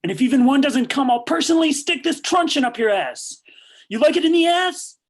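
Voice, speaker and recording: A woman's voice: high-pitched, lively intonation, brisk. A woman voicing a brutal, vulgar male riot policeman in a staged play reading, barking orders with a sneer. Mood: vicious.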